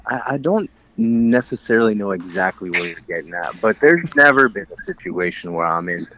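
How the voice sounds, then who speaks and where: A man's voice: lowish voice, animated, brisk, a bit bright, a little hiss or hum. A man co-hosting a casual podcast chat, talking frankly and rambling with frequent laughs. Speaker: podcast co-host.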